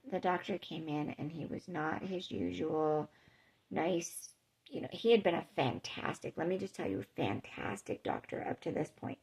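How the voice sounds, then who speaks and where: A woman's voice: medium pitch, gravelly, dark tone. A woman vlogger telling a personal story in an emotional, conversational way with many fillers.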